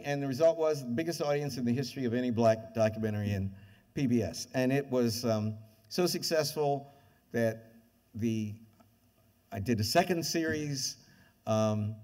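A man's voice: medium pitch, fairly quick. An older man giving a university lecture, telling stories and acting out the voices of the people in them. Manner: lively anecdotes, acts out quoted voices. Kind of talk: animated storytelling lecture. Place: lecture hall with audience. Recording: lecture hall reverb.

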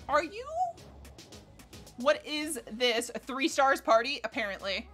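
A young American woman streaming a game in casual chat, excitable, swearing freely and laughing often. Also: high voice, unhurried. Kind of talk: casual livestream gameplay chat. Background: faint game music.

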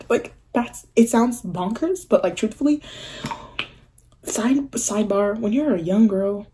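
Young woman, vlogger, chatty storytelling, acts out quotes, mellow voice. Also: mid-range voice, fairly quick. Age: young adult. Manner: animated, filler-heavy, acts out quoted voices. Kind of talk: casual storytelling.

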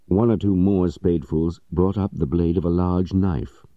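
A man narrating a story audiobook in a measured, even storytelling manner. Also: sits low, no echo, muffled recording.

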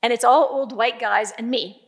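An older woman giving a keynote speech, telling stories in a lively way with emphatic, repeated phrases. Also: on the high side, moderate pace, husky. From Canada. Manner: lively storytelling, emphatic repetition. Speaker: keynote speaker.

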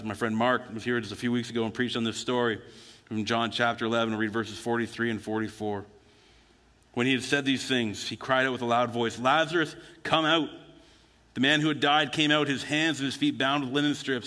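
A man's voice: on the low side, fairly bright tone. A man preaching a sermon as a pastor, telling stories in a conversational way and acting out the quotes. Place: church sanctuary. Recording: church hall with long reverb.

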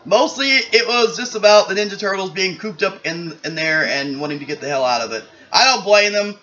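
A man's voice: high voice, expressive, fairly quick, sharp tone, dull audio. A man speaking earnestly and gratefully as he closes out his own game video. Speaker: channel creator. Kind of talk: casual video outro.

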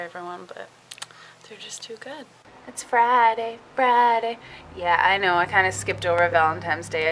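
A woman's voice: lowish voice, fairly bright tone, slight background noise, low-quality recording. A young woman chatting casually in a vlog, giggly and full of filler words. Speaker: vlogger.

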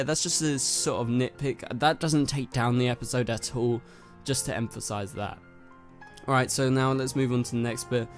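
A man from North London with a London accent, casually reviewing a TV episode in a chatty, rambling way, full of fillers. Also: medium pitch. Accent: London English. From North London, England. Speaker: TV review host.

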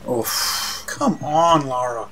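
A man's voice: mid-range voice, very slow, background noise. A man hosting a let's play, chatting casually over gameplay, laughing often and poking fun at himself.

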